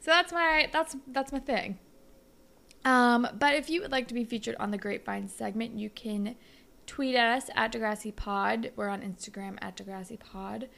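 A young woman co-hosts a casual podcast, her voice sitting a little high with a noticeable gravelly fry. She rambles through her stories, leaning on "like" and quick asides. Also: steady tone, fairly bright tone. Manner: rambling storyteller, full of "like". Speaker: podcast co-host. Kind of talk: casual chat.

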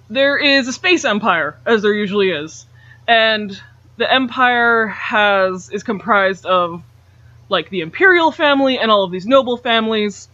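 High, bright-voiced man chatting casually. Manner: chatty, filler-heavy, laughs as he talks. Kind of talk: casual explanatory chat. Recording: dull, dry lo-fi recording.

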